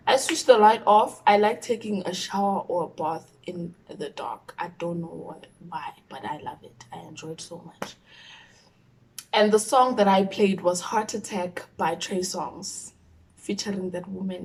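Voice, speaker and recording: A South African woman telling a personal story on her vlog, animated, dropping to a whisper when she quotes her own thoughts. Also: medium pitch, normal speed, a little hiss or hum, rough recording. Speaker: YouTuber.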